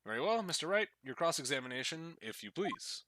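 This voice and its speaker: A man voicing a stern, formal old male judge in a game, measured and formal. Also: on the high side, big pitch swings, noisy background, pitched above the performer's own voice.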